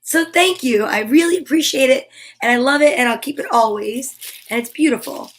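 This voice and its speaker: A woman hosting a casual vlog, gushing warmly and affectionately to her viewers in an unhurried way. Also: high voice, low-quality recording. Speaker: comedian and vlog host.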